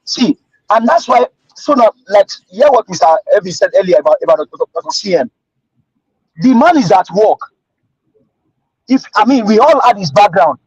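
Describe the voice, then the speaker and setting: Stammering Nigerian man with a husky voice. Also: high voice, sing-song, normal speed, dry recording, highs cut off. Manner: stammering, pleading. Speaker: livestream guest.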